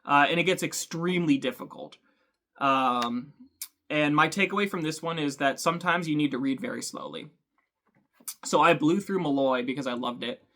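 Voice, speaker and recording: A man hosting a book channel, talking thoughtfully to camera with frequent ums and pauses. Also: a little high, bright, forceful tone. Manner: thoughtful, hesitant, many ums. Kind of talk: casual talk to camera.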